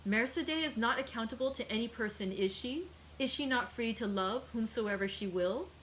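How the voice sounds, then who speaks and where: A woman's voice: a little high, moderate pace, a bit bright, slight background noise, voice pushed up, lightly acted, rough recording. Fernand is a brooding young fisherman, heartbroken and bitter, who speaks in a strained, anguished voice, as a woman reading aloud puts him on. He sounds tense and wounded, as in a storybook read-aloud.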